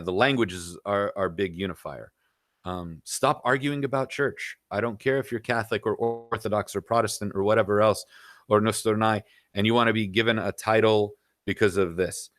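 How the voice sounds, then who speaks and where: A man's voice: lowish voice, a bit bright, dry recording, clean studio sound. A man in his forties, a guest on a podcast, giving opinionated views in casual talk and leaning on "you know" as he lists examples.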